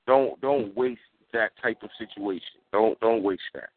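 Casting note: mid-pitched man, insistent and repetitive in casual chat, dry lo-fi phone sound. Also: a little slow, no room sound. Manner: repetitive, emphatic, says "you know what I mean". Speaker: podcast co-host.

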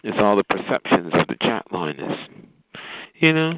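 A man telling a sassy, animated story in casual chat, calling listeners honey and child. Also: on the low side, moderate pace, no echo. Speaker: chat line regular. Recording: tinny phone line.

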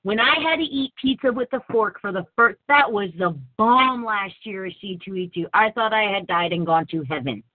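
On a tinny, phone-like recording with no echo, a woman chats casually as the host of an online talk show. She speaks at medium pitch and normal speed, barely pausing, and laughs a lot while poking fun at herself.

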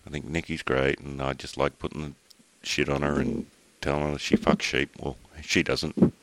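A man's voice: rumbling low, level tone, moderate pace, dry recording. A man with an Australian accent hosting a podcast, joking and teasing his co-hosts in casual banter. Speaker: podcast host.

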